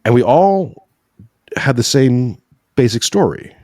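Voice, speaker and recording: A man's voice: medium pitch, animated, takes it slowly, dark tone, dry recording, clean studio sound. A man talking earnestly and in a preachy way about faith in a podcast conversation, often adding "right?" to his points. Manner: emotional at times. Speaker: podcast guest. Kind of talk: conversational religious discussion.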